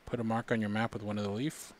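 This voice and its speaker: Lower-voiced man mumbling through a game. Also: fast talker, background noise. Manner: muttering to himself, puzzled, with sudden excited outbursts. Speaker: gaming streamer. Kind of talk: casual let's-play commentary.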